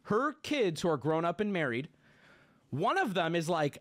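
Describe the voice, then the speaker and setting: Ranting with indignation and plenty of swearing, a livestream host in his late twenties speaks in a high-ish, fairly bright voice. He's very animated and talks at normal speed.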